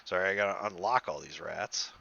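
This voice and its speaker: A man running a tabletop game as game master, talking in a halting way and laughing easily. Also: low-pitched, vocal fry, bright, forceful tone, dull audio.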